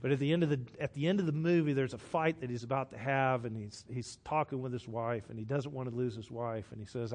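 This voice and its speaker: A man's voice: mid-range voice, fast talker, hardly any pauses. Man preaching a sermon. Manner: storytelling, drops to a soft hush for quoted lines. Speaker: pastor.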